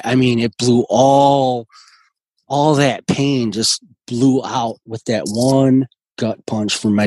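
Husky low-voiced man telling his story. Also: no room sound, rough recording. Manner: halting, earnest, frequent restarts. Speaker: guest. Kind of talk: personal recovery story in conversation.

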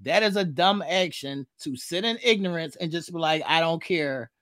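A man's voice: high-pitched, moderate pace, a bit bright, no echo, clean studio sound. A man co-hosting a podcast, blunt and profane, often laughing and exasperated in a casual debate. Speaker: podcast co-host.

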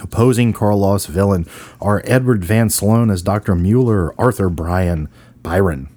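A man's voice: fairly low pitch, warm tone. A man hosting a podcast, joking and teasing his co-host as he runs through an old horror film. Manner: playful, jokey, teasing. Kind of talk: casual banter and film rundown.

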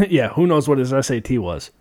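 A man's voice: mid-range voice, very animated, brisk, warm tone. A young man co-hosting a casual sports podcast, bantering in a laid-back, joking and profane way. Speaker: podcast co-host.

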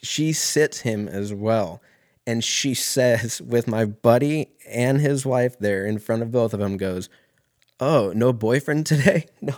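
A man's voice: medium pitch, slow, a little mellow, no room sound, studio quality. A young man telling a rambling, profane story in a casual monologue, full of fillers and restarts.

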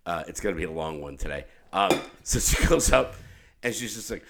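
A man's voice: low voice, fairly quick, gravelly, very noisy. A man hosting a podcast in casual chat, telling stories with lots of restarts. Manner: animated storytelling with many restarts and laughs. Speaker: podcast host.

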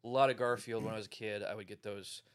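A man's voice: lowish voice, steady tone, fast. A man co-hosting a podcast, a tattoo artist in casual chat, easygoing and hesitant with ums and uhs.

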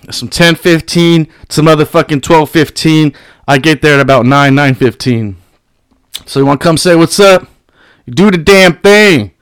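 A man hosting his own podcast, ranting at his critics with constant swearing and mocking laughter, high on weed. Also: moderate pace, smooth, no room sound. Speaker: podcast host. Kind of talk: profane solo podcast rant.

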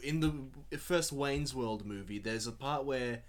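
A man co-hosting a casual movie commentary chat. He talks in a relaxed, chatty way and restarts his sentences often. His voice sits at a middling pitch. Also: takes it slowly.

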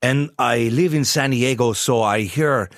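A man in his sixties, a voice actor, chatting in an interview in a relaxed, self-mocking way and laughing often. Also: medium pitch, unhurried, dry recording, clean studio sound. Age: 60s.

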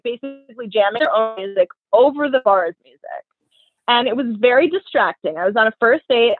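A woman tells dating stories in casual chat, chatty and animated. Her voice is a bit high and husky. The sound is dry and tinny, like a phone line. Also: no room sound. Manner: chatty, animated storytelling with lots of "like". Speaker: podcast co-host.

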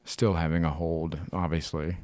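A man co-hosting a podcast in casual chat, animated and laughing often, swearing freely. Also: a bass voice, moderate pace. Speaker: podcast co-host.

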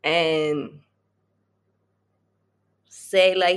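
A woman's voice: on the low side, expressive, slow, long pauses, a bit bright. A woman guest on a casual podcast who giggles often and rambles while she thinks aloud.

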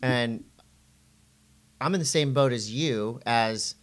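Middle-aged male podcast co-host, animated storyteller, mid-pitched, high-voiced quotes. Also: slow. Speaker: podcast co-host and surf commentator. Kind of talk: casual podcast chat.

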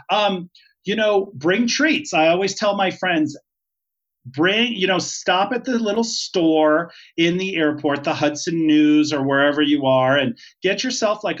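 A man's voice: on the high side, a bit bright. A retired flight attendant, a man, giving travel tips as a podcast guest in a casual, emphatic, chatty way and laughing easily. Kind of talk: casual interview. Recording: dull lo-fi sound.

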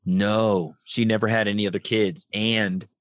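A man's voice: fairly low pitch, steady tone, unhurried, no echo. A middle-aged man, a podcast guest, telling a personal story and acting out the dialogue in it. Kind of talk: storytelling interview.

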